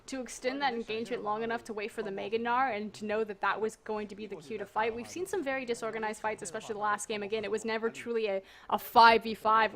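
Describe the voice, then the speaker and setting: A woman casting a live esports match, breaking down team plays and objectives. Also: mid-range voice. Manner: analytical, brisk. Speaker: esports caster. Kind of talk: live play-by-play commentary.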